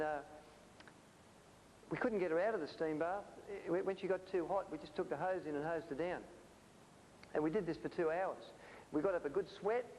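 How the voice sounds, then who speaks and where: A man's voice: on the high side, a little mellow. A man delivers a health presentation in a slightly raised voice, telling stories from his practice with frequent "uh"s and restarted phrases. The recording is hissy, and the voice trails off in the long reverb of a hall. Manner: anecdotal storytelling with frequent fillers and restarts. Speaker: natural health lecturer.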